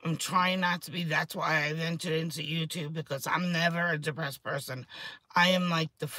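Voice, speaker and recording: A woman, rambling excitedly and swearing freely in a casual chat to camera, her voice a little hoarse. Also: sits low, moderate pace, no echo. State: hoarse throat. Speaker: vlogger.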